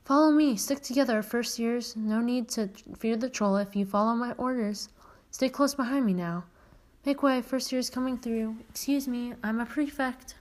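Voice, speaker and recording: A woman's voice: a little high, moderate pace, a little mellow, pitched above the performer's own voice, close to an everyday voice. A woman reading aloud, voicing a pompous, bossy teenage boy prefect who orders younger students about. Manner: self-important, ordering people about.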